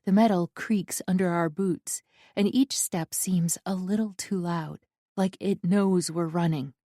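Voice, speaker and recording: Unhurried low-voiced woman narrator. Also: steady tone, dark tone, dry recording, clean studio sound. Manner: intimate, unhurried storytelling. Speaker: audiobook narrator. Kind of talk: first-person romance audiobook narration.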